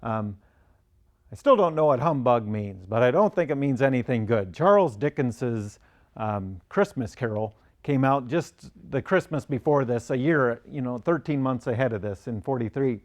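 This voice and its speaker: A middle-aged man lecturing on history in an unhurried way. His pitch sits in the ordinary middle range for a man. He pauses often to gather his next thought. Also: animated.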